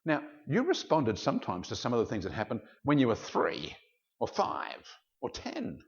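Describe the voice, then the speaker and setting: Male pastor, gravelly voice, animated storytelling sermon, lo-fi recording. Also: medium pitch, moderate pace. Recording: dull lo-fi sound.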